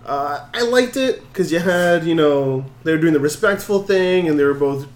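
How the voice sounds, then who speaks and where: A man co-hosting a casual chat show, recapping wrestling in an animated way and acting out quotes. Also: a little high, normal speed, reverberant. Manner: animated, acts out quotes with laughs. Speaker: podcast co-host.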